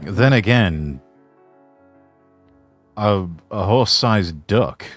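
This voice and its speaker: A man's voice: lowish voice, expressive, drawn-out words, no room sound. A male streamer chatting casually and thinking aloud in a hesitant, musing way, talking to his chat. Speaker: streamer reacting to a video. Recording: faint background music.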